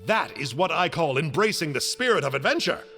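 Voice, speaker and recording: An actor playing a cheerful, chatty member of a sinister order in a game, playfully polite. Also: male voice, a little high, lively intonation, fairly quick, creaky, sharp tone, faint music behind, full character voice.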